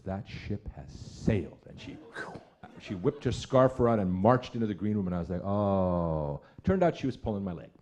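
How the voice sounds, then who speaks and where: A man's voice: low voice, a little mellow, muffled recording. A man, an author, telling a wry comic story on a theater stage. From Canada. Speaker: author on a festival panel.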